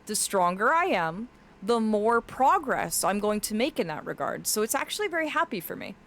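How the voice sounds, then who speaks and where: A woman's voice: mid-range voice, big pitch swings, moderate pace, a bit bright. A woman streaming, chatting casually and affectionately with her chat, her voice cracking now and then. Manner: affectionate, reads chat aloud, often laughs.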